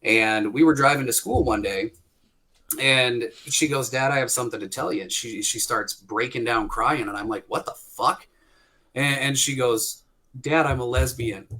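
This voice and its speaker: Profane storytelling podcast dad. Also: male voice, mid-range voice, moderate pace. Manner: profane, animated anecdote-telling with quoted dialogue. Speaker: podcast co-host.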